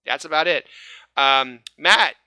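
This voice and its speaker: A man's voice: a little high, slow pace, heavy background noise. A man hosting a casual fan-show podcast, upbeat, laughing often and stumbling over repeated words. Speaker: podcast host.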